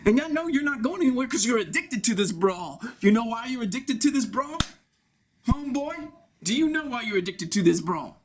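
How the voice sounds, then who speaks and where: A man improvising a brash, crude male barbershop regular who lectures bossily and talks fast. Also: very high voice, very animated, background noise. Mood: lecturing. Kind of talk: improvised comedy scene.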